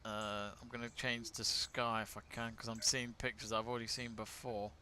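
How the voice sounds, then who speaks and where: A man's voice: fairly low pitch, level tone, normal speed, sharp tone, slight background noise. A British man co-hosting a casual sports watch-along stream, chatty, laughing easily and reading viewer comments aloud. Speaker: live stream co-host.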